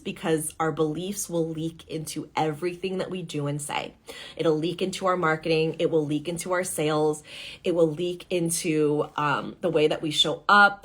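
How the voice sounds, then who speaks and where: A woman's voice: fairly low pitch, breathy edge. A woman business coach talking in a podcast monologue, emphatic and often checking in with "right?". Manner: acts out excited and doubtful voices when quoting.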